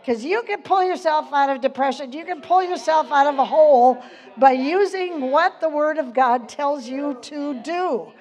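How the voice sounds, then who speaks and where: A woman's voice: high-pitched, moderate pace, darkish tone. An older woman giving an informal Bible teaching, chatty, quoting scripture and laughing often.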